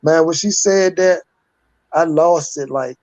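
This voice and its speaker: A man's voice: a little high, slow, a little mellow, no room sound, poor audio. A man in his fifties, a guest telling his life story candidly in a rambling, casual way. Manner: candid, rambling, street-talking with repeated "like".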